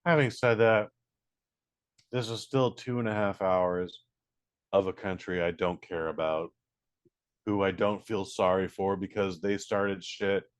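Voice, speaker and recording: A man co-hosting a podcast, reviewing a film in casual chat, animated and profane, acting out quotes. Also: deep voice, a little slow, long pauses, smooth.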